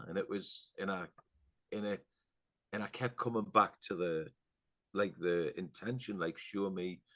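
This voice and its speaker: Here a middle-aged Englishman guesting on a podcast rambles through a casual anecdote, full of fillers and digressions. He often lowers his voice to an earnest hush, and his pitch sits on the low side.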